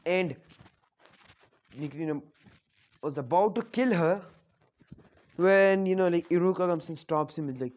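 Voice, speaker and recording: A man's voice: high-pitched, a little slow, pauses often, darkish tone, muffled recording. A man casually retelling a fan-made story, rambling with lots of fillers. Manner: rambling, full of fillers like "like" and "you know".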